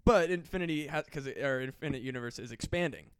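A man talking on a podcast with a smooth voice that cracks now and then. He rambles in an excitable, profane way through big ideas. The sound is dry and close. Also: mid-range voice, quick pace, dry recording. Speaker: podcast guest. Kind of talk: casual chat.

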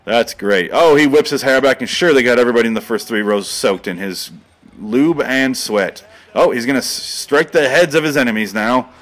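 A man at a middle pitch doing comedic play-by-play over a video. His delivery is deadpan and rambling, and it often breaks into excited outbursts. He sounds like a parody of a sports commentator. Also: normal speed.

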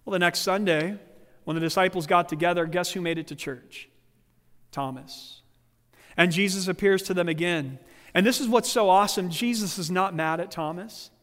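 A man preaching a sermon as pastor, animated and conversational, sometimes acting out quoted voices. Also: high-pitched, normal speed, in a large hall. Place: church sanctuary.

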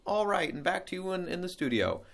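A man playing a TV news anchor, in a halting delivery full of stumbles and restarts. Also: high-pitched, big pitch swings, vocal fry, a bit bright, pitched above the performer's own voice, exaggerated voice.

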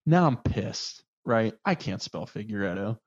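A man telling a story in casual chat, acting out the people in it with lively swings of voice. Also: on the low side, measured pace, breathy edge, muffled recording. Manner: animated, acts out the people in his story.

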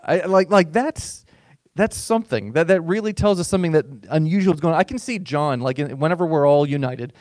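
A man's voice: on the high side, animated, fairly quick, a little mellow, dry recording. Conversational male pastor, dry sound. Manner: conversational, often repeats words when restarting. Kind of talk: sermon.

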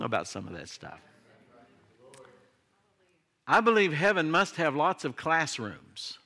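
A man's voice: fairly high pitch, big pitch swings, takes it slowly, sharp tone. An older man, a pastor delivering a sermon in a conversational style that swings into emphatic declarations.

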